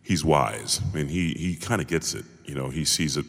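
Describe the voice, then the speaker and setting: Very deep-voiced man, thoughtful. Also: expressive, creaky. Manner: thoughtful, halting, many restarts. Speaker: singer-actor in a musical. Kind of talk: panel interview. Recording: hall reverb.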